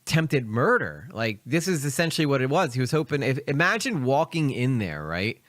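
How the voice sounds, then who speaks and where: Very animated and fairly quick, this young man's mid-range voice comes through a dry, clean studio recording. He's a Philadelphia streamer with a light Philly accent, chatting and rambling through live video reactions with many fillers and asides.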